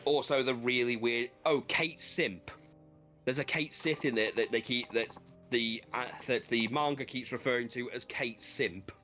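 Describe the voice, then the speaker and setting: Soft background music plays while a gaming channel host with a mid-range voice talks a little slowly. Casually chatting during a video game, he tells animated stories, swearing and laughing often.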